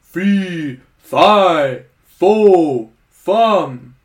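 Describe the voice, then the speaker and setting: A man playing a clumsy, friendly male giant in a comedy sketch, speaking in slow, goofy sing-song rhymes. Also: sits high, animated, heavily acted.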